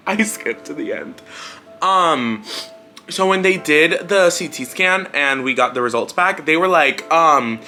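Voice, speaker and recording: A man's voice: fairly high pitch, animated, slow, sharp tone, soft background music. A man casually recounting a personal story for his vlog, candid and wry, swearing freely and laughing now and then. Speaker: vlogger.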